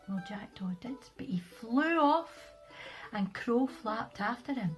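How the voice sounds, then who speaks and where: A woman with a Scottish accent reads her children's story aloud, expressively and with dramatic pauses. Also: a little high, animated, soft background music, low-quality recording. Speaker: author reading her own stories.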